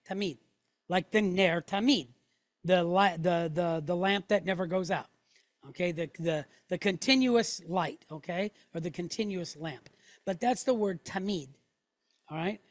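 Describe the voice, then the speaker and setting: A woman's voice: fairly low pitch, no echo. Patient middle-aged woman teaching a class. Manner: patient, checks in with "okay?" after each point. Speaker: Hebrew teacher. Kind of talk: classroom lesson.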